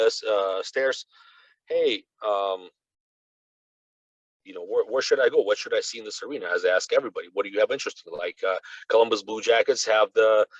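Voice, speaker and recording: A low-voiced man from Russia, whose first language is Russian, talks as a podcast guest. He tells his stories in an animated, rambling way, dropping "you know" into nearly every thought. The recording sounds dry and a little dull and lo-fi. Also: dry recording. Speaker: guest reporter. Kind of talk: casual conversational storytelling.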